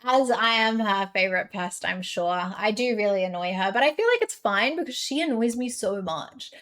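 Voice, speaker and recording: A woman's voice: medium pitch, lively intonation, moderate pace, fairly bright tone. A young woman, chatting casually with her live-stream chat, giggly and full of fillers.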